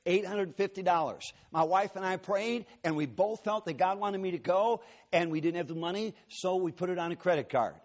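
A man's voice: sits high, moderate pace, hardly any pauses. A man preaching a sermon to a church congregation, telling personal stories with folksy, joking asides. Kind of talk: sermon with storytelling.

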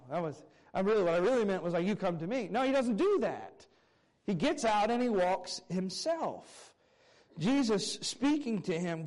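Man preacher, high voice, animated expository sermon that swings from raised points to soft asides. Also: low-quality recording. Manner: earnest expository preaching, reading scripture aloud; animated, swinging between raised emphasis and quiet low asides. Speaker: pastor.

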